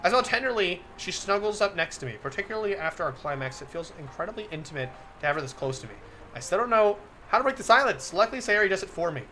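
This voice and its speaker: A man's voice: high voice, big pitch swings, fast talker, pushed and bright, faint music behind. A man on a live stream reading a visual novel aloud, getting flustered, laughing often and breaking off to comment to his chat.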